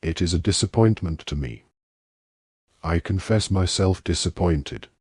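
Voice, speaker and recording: Guy reading as a soft-spoken menacing dark lord, deep husky voice, audiobook. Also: expressive, a little slow, dry recording, studio quality, heavily acted. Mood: cold.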